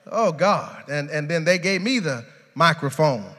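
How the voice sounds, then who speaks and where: A male pastor preaches with a high, bright, ringing voice, swinging from hushed low lines up to loud, climbing shouts. His words carry a long reverb through a large sanctuary. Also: lively intonation, unhurried. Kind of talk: sermon.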